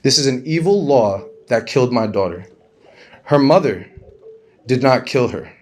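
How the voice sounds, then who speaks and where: A man speaking as a grieving father, in an earnest, halting speech with repeated questions. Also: medium pitch, animated. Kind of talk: emotional public speech.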